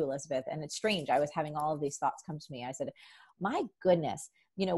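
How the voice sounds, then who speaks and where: A woman's voice: on the low side, slightly rough. A woman guest in a casual conversation, talking animatedly and acting out her past thoughts in voices.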